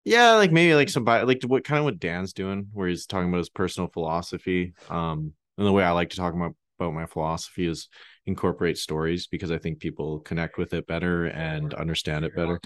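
A man's voice: low-pitched, fast talker. A man from Canada, a podcast guest in casual chat, hesitant with fillers and restarts and casually profane.

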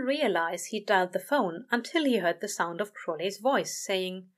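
A woman reading a story aloud, narrating in a gentle, even way. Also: medium pitch, moderate pace. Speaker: reader. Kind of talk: reading fan fiction aloud.

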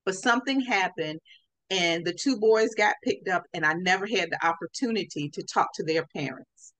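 Animated woman host telling a story. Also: fairly low pitch, moderate pace, no room sound, rough recording. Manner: animated, acts out quoted speech. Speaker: podcast host. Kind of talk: casual storytelling.

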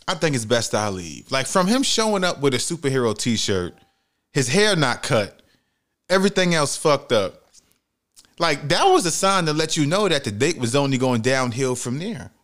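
A man hosting a solo podcast, telling stories in a profane, animated way and acting out the people he quotes. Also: medium pitch. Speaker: podcast host. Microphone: studio mic with headphones.

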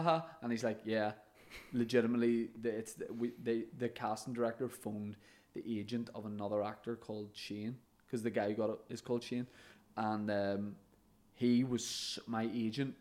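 A man's voice: medium pitch, a little mellow. A man, a comedian and podcast co-host, telling stories in casual chat, laughing often and swearing now and then.

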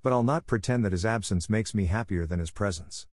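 A man reading the lines of a large, gruff middle-aged Welsh painter who talks bluntly. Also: a little fast, darkish tone, dry recording, studio quality, close to an everyday voice. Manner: blunt and booming.

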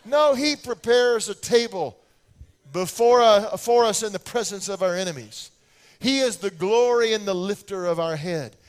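A man's voice: high-pitched, normal speed, clean tone. An older American man preaching a sermon, telling stories and acting out little scenes with his children's voices. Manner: animated storytelling, acts out voices of his kids.

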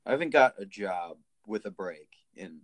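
A young man co-hosting a podcast in casual chat, with joking, deadpan asides. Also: fairly low pitch, moderate pace, no echo. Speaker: podcast co-host.

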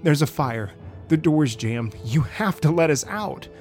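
A man's voice: on the high side, animated, a little slow, darkish tone, faint music behind, voice pushed up. A man voicing a screaming trapped woman. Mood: terrified. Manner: screaming, desperate pleading. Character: terrified trapped woman pleading through a door.

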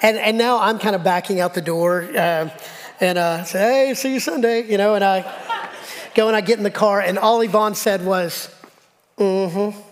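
A man's voice: high-pitched, fairly even intonation, normal speed. A middle-aged male pastor preaching a sermon, telling personal stories in a conversational, self-deprecating way and acting out the dialogue. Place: church sanctuary. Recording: long hall reverb.

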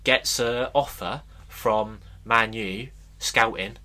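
Male podcast co-host, bright voice, rambling storyteller in casual chat. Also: lowish voice, fairly even intonation, takes it slowly. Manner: rambling storyteller, acts out quotes.

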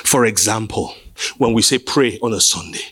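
A pastor preaching a sermon from a church stage, swinging between sing-song cadence and sudden shouts. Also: male voice, lowish voice, animated, moderate pace, husky.

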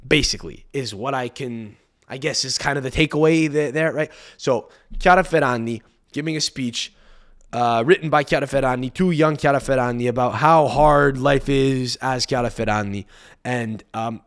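A young man hosts a solo podcast, ranting in a frantic, rambling, profane way. His mid-range voice is animated and a little fast.

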